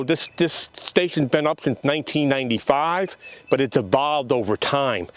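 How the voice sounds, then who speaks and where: A man's voice: mid-range voice, clear, resonant tone. A man in his fifties, a radio operator and tower builder, explaining his antennas outdoors in a matter-of-fact way. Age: 50s. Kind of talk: casual on-site explanation to camera.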